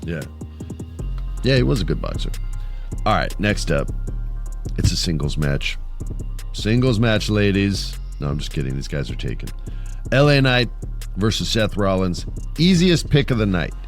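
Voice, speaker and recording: A man's voice: deep voice, very animated, moderate pace, long pauses, soft background music. A man hosting a wrestling podcast, joking around and laughing easily in casual banter. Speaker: podcast host. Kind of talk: casual chat.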